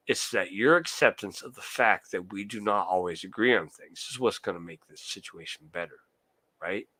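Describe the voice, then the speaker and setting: Streaming live, a young man rants heatedly and swears a lot while answering his chat in a casual monologue. His voice has a fairly low pitch and a bright, forceful tone, and the recording is dry.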